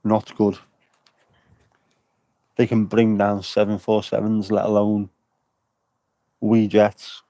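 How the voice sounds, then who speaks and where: A man banters and rambles through a casual livestream, cracking jokes as he goes. His voice sits low and mellow, with a dry, close sound. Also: completely flat delivery, slow pace, long pauses, no echo. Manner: jokey, rambling banter with chat. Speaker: vlogger livestreaming at an air show. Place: outdoors at an air show.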